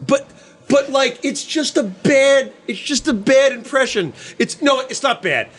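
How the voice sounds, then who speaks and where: A man with a high, lively voice hosts a casual podcast chat. He talks in an animated, profane way and keeps slipping into quick impressions between his points. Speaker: podcast host.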